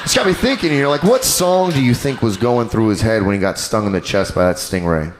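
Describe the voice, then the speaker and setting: A man doing a stand-up comedy set on a club stage, animated and crude in his delivery. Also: on the low side, brisk, over music. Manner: animated, crude, jumps into character voices.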